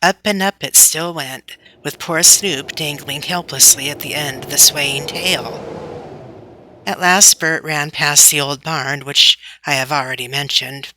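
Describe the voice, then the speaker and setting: Low, bright-toned woman reading a storybook. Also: a little slow, slight background noise, low-quality recording. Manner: steady, storytelling delivery. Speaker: audiobook narrator. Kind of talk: reading a children's classic aloud.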